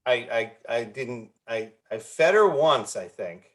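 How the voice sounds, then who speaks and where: A man's voice: medium pitch, animated, takes it slowly, a bit bright. Earnest middle-aged man telling his story. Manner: earnest, frequent restarts and repeated words. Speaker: guest, founder of a recovery movement. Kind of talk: candid interview storytelling.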